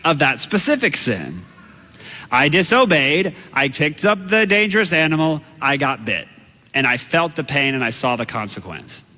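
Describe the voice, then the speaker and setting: A high, bright-voiced man preaching in a lively, bouncing way. He tells his sermon as a story and acts out his own shouts, with a long hall reverb trailing each line.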